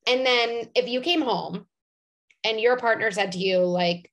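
A woman, a psychologist talking as a guest in an interview, animated and full of "like" and "you know", sometimes acting out voices. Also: on the high side, fairly quick. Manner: animated, filler-heavy, acts out quoted voices. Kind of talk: conversational interview.

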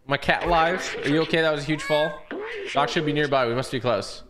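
Over some background noise, a young man talks briskly in a slightly high voice while playing a video game. He playfully banters with the game, mocks its characters, and meows loudly in this casual let's-play.

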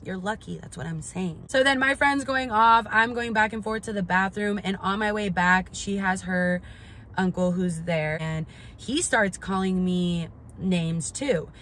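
A woman's voice: mid-range voice, unhurried, a bit bright, a little hiss or hum. Young woman, vlogger, storytime delivery. Blunt and profane, leans on "like" and "literally", openly incredulous, mid-range voice. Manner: indignant and incredulous. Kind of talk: storytime vlog.

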